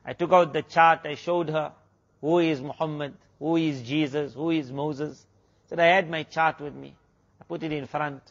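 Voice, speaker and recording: Higher-voiced man telling a sermon story. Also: steady tone, normal speed, dull audio. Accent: South African. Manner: retells a story with many quoted exchanges. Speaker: Islamic preacher.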